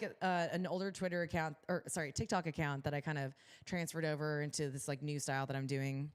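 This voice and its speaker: A young woman co-hosts a casual livestream and chats in a bubbly, upbeat way. Her voice sits a little low for a woman. She talks loosely and leans on a lot of filler words. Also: fairly even intonation, fast talker, few pauses, clean tone. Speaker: podcast co-host.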